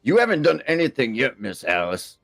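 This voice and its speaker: Man, tabletop player in character, gravelly, rambling, flustered, faint music behind. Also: medium pitch, huge pitch swings, brisk, a bit bright. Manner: rambling, flustered, fumbles names. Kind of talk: in-character tabletop role-play.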